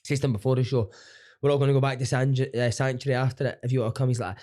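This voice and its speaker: A man, a podcast guest, telling stories in lively, sweary casual chat. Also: mid-range voice, very fast.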